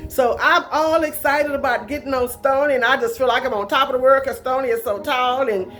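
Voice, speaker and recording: A woman with a high voice tells a personal story the way she'd tell it to friends. Her talk is folksy and colloquial, and she plays up the drama. Faint music sits underneath. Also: brisk, fairly bright tone.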